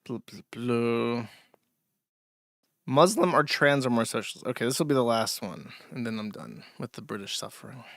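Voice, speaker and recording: A man's voice: medium pitch, lively intonation, fast, vocal fry, few pauses, fairly bright tone, no echo, studio quality. A man hosting a show, giving sarcastic, mocking casual commentary while reacting to a video. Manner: sarcastic, mocking, laughs often. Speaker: streamer host.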